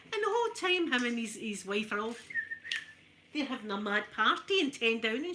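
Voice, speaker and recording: A Scottish woman chatting casually to her live viewers while ironing, in a soft, emotional, friendly way. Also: a little high, very animated, fairly quick, noisy background. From Scotland. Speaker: ASMR streamer.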